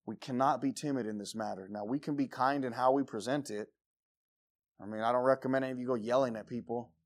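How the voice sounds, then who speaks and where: A man preaching a sermon, jumping from loud exclamations to quiet low asides and acting out shouting crowds. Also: fairly even intonation, fast talker. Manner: acts out the crowd in short shouted bursts.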